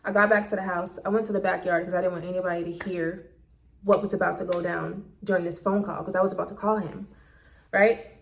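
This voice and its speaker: A woman's voice: lowish voice, steady tone, quick pace, creaky, a little hiss or hum. A woman vlogger telling a personal story in a casual monologue, candid and blunt, swearing freely, recorded on a phone.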